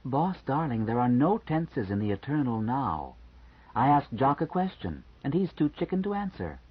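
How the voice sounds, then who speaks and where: A man's voice: medium pitch, big pitch swings, normal speed, husky. A man voicing a teasing, flirty woman. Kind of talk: audiobook character voice. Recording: slightly muffled lo-fi recording.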